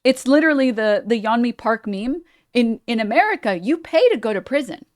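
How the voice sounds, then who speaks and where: A female streamer reacts to a clip in a casual, biting tone. She is bluntly sarcastic and swears freely, with a slightly high voice and dry, close sound. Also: lively intonation, a little fast, dry recording.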